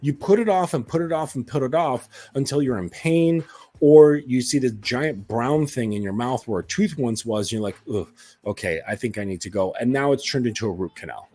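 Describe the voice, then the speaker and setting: A man in the role of a self-improvement coach talks straight at his listeners in a loose, rambling monologue, full of fillers and curse words. His voice is husky and sits at a middle pitch. Faint music plays softly behind him. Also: expressive, moderate pace. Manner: blunt and profane, lots of fillers. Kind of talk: casual monologue.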